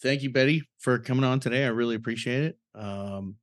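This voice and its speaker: A man's voice: mid-range voice, fairly quick, no echo, clean studio sound. Laid-back swearing male podcast host. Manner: loose, profane, laid-back. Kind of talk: casual podcast chat.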